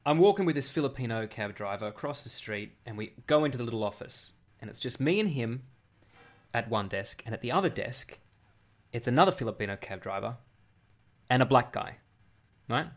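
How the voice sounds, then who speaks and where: A man's voice: medium pitch, animated, brisk. Chatty man telling a rambling story. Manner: rambling storyteller with many restarts. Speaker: podcast co-host. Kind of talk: casual comedic chat. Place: abroad, living in Asia.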